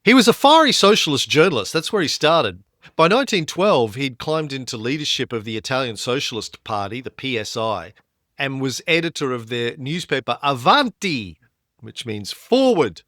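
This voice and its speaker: A man co-hosting a history podcast, telling the story in a lively way and rising in pitch when he stresses a point. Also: moderate pace, no room sound, clean studio sound. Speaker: podcast co-host.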